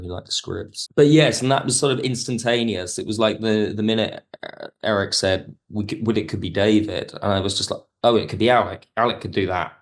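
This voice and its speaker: A man, a writer and producer of audio drama, talks through how a story came together, thinking aloud with hedges and restarts. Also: low voice. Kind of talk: interview conversation.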